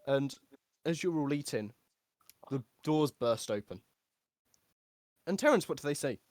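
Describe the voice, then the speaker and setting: A man's voice: on the high side, animated, unhurried, a little mellow, dry recording. A man narrating a tabletop game as game master, joking and laughing often.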